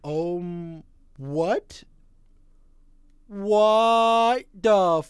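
A man streaming a horror game, reacting with loud, profane shouts and casual banter. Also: high voice, very animated, normal speed, no echo, soft background music, a faint crowd. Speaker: gaming streamer. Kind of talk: gaming reaction commentary.

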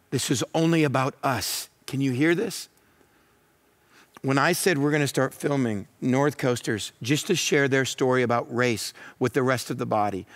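A male pastor preaching a sermon, moving between forceful declarations and quieter reflective passages, with repetition and rhetorical questions. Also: mid-range voice.

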